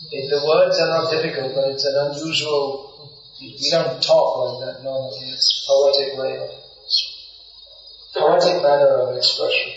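A man leads a scripture class. He speaks slowly and carefully, restating hard words and asking whether his listeners can follow. The sound is dull and distant, with a lot of room echo. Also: fairly high pitch, a little hiss or hum. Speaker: teacher of devotional verses. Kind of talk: scripture class, reciting verses and explaining them.

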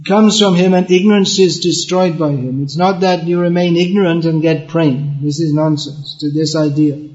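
Earnest male preacher, fairly high voice, restarts his phrases; lo-fi lecture tape. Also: steady tone, normal speed, darkish tone. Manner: earnest, repeats words while explaining; chants verses in Bengali. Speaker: spiritual teacher. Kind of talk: devotional lecture.

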